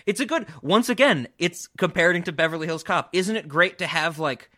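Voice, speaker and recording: A man's voice: high voice, fairly quick, pushed and bright. A man co-hosting a podcast, chatting casually about a film, laughing often and acting out lines. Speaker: podcast co-host. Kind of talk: casual movie discussion.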